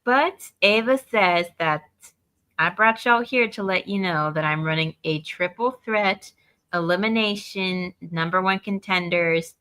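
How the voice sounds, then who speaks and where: Podcast co-host, woman, somewhat low pitch with crisp bright tone, matter-of-fact recap delivery. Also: a little slow. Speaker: co-host of a wrestling review show.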